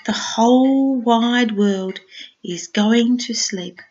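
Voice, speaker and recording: Older grandmother reading to a small child; gentle, sing-song, unhurried, higher voice. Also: dull audio. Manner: gentle, sing-song storytelling with soft asides. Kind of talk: reading a picture book aloud to a small child.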